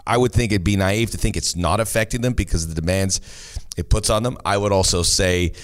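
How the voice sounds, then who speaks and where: A man's voice: sits low, a little fast. A man co-hosting a casual soccer talk show, chatting and answering listener questions. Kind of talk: casual sports chat. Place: studio near the team's home ground.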